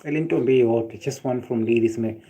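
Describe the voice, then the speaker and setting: A man's voice: medium pitch, fairly quick, husky. A South African man with a South African accent, chatting casually on a livestream, ranting and joking with his viewers. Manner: animated ranting, swearing and laughing at chat.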